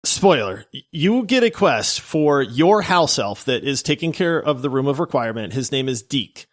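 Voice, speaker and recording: A man's voice: medium pitch, big pitch swings, normal speed. A man co-hosting a gaming podcast in casual chat, telling stories playfully and dramatically for laughs. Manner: playful, dramatic storyteller who exaggerates for laughs. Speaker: podcast co-host.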